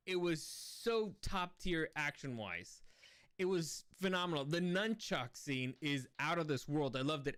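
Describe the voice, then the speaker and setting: A man talks through a movie review in a loose, casual way, often breaking off and restarting his thoughts. His voice is fairly high for a man, with a smooth, clear tone. He keeps the talk easygoing and conversational. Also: a bit bright. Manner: rambling and easily sidetracked, with many restarts. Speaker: movie reviewer and channel host. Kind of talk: casual spoken film review.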